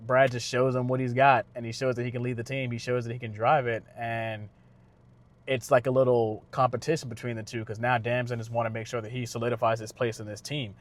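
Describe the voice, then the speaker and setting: A man's voice: mid-range voice, flat delivery. A man giving a casual spoken movie review, loose and conversational with lots of fillers and restarts. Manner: slangy retelling with quick impressions of characters. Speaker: car channel vlogger reviewing a film.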